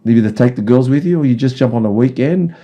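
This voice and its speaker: A man's voice: medium pitch, expressive, quick pace, dark tone. A man as a podcast guest, telling rambling stories and giving direct advice in a casual chat. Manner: acts out voices in anecdotes.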